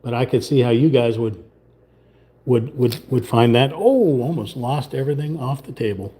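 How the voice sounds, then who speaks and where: Brief: livestream host, man, mellow tone, casual rambling chat at his painting table. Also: mid-range voice, normal speed, slightly rough. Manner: rambling, chatty, trails off into muttering.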